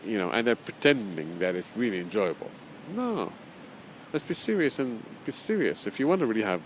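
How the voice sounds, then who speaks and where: A man's voice: fairly low pitch, a little hiss or hum, low-quality recording. Chuckling man teaching a casual course. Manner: conversational, repeats phrases, chuckles often; reads from his own book in parts. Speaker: spiritual teacher. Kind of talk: informal spoken course lecture.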